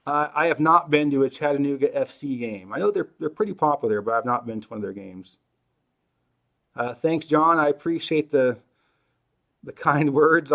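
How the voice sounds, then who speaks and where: A middle-aged man hosting a casual livestream Q&A, answering viewer questions in a relaxed way, thinking aloud with many fillers and restarts. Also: medium pitch, gravelly. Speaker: host.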